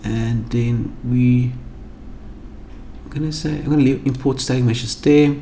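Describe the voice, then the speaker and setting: A man with a South African accent talking through a software tutorial, thinking aloud as he clicks through menus. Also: medium pitch, steady tone, measured pace. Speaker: tutorial host. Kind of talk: screen-recorded software tutorial. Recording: echoey room with noise and keyboard typing.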